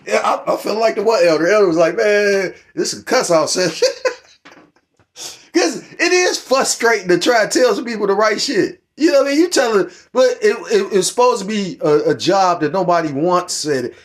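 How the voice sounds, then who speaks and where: A middle-aged religious commentator with a high voice and lively intonation talks at normal speed. He rambles profanely about scripture and current events, heated and constantly restarting.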